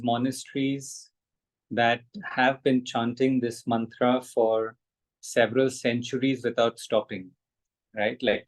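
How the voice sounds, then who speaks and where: Male meditation facilitator, unhurried, soft delivery, mid-pitched. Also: low-quality recording. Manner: slow, soft-spoken, says "right?" often. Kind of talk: guided meditation and mantra teaching.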